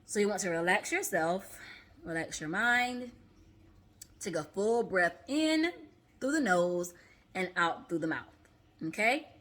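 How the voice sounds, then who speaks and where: A woman therapist talks viewers through a calm breathing routine in a relaxed, conversational way. Her voice is bright and clear, and she often pauses to check in with a quick "okay?" She demonstrates the breaths herself as she explains. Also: medium pitch. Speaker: therapist and mindfulness coach. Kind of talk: casual instructional vlog.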